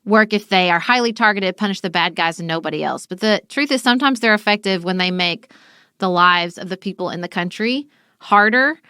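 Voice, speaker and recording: A woman's voice: mid-range voice, fairly quick, pushed and bright, clear, resonant tone, no room sound, clean studio sound. A woman co-hosting a political podcast, speaking in a heartfelt, conversational way. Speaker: podcast co-host.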